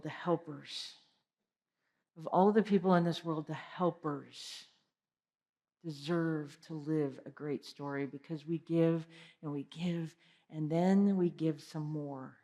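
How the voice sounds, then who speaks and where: A woman giving an energetic motivational keynote, asking the audience direct questions. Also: low-pitched, a little slow. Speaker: keynote speaker. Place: large conference hall. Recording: long hall reverb.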